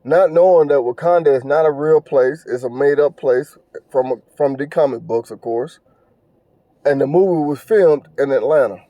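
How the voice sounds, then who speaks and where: Over lo-fi sound without echo, a man with a slightly high voice talks at a normal pace in a casual podcast monologue. He's earnest and preachy, repeats phrases, and stumbles through filler words.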